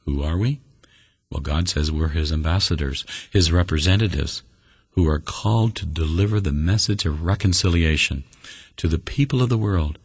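A man's voice: low-pitched, moderate pace, slightly rough, no room sound. A man preaching a sermon as a pastor for listeners, earnest and folksy, with light jokes. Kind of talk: radio sermon.

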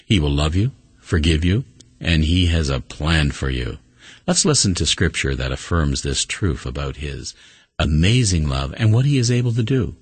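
A man preaching a sermon and telling a story with earnest emphasis, rising high for key words and dropping almost to a hush. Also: expressive, moderate pace, slightly rough, dry recording.

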